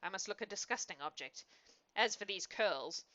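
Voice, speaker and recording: A woman's voice: medium pitch, expressive, moderate pace, bright, forceful tone. A woman voicing a good-humoured English nobleman in an audiobook reading, jovial and teasing, turning tender, on a dull lo-fi recording.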